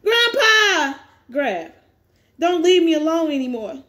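A woman's voice: high-pitched, animated, measured pace. A woman voicing a desperate, pleading young man. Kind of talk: reading a webcomic aloud with voices.

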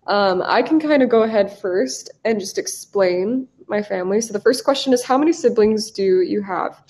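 A woman's voice: mid-range voice, normal speed, darkish tone. Upbeat young woman teaching online. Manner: upbeat, encouraging, casual with fillers. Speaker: English teacher. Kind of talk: live online class. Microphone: video call.

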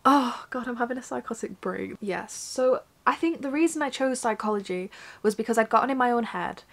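A woman's voice: on the high side, a little fast. Upset young woman venting. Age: young adult. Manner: frank, rambling, swears often. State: upset, close to tears. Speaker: vlogger. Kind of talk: candid talk to camera. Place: indoors at her mother's home.

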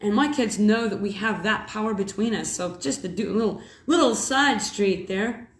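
A woman in her thirties, a mother, telling a rambling spiritual story in a casual, animated way. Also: mid-range voice, moderate pace. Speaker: mother and preacher. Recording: echoey room.

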